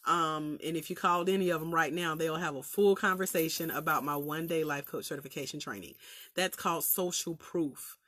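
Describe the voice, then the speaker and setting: Southern woman, life coach on a livestream, bright forward tone, dry close sound, chatty and preacherly. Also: deep voice, fairly quick, no echo. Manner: laughs often, colloquial. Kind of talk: livestream talk to viewers.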